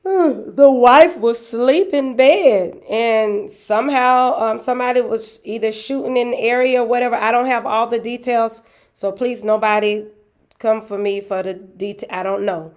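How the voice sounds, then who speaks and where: A woman hosting a casual church livestream Bible study chat, animated and given to sudden whoops. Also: fairly high pitch, normal speed.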